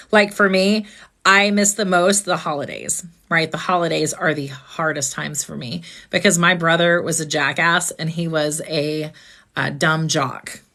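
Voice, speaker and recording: A woman's voice: fairly low pitch, fairly bright tone. A woman host on a live stream, talking earnestly and asking reflective questions about grief.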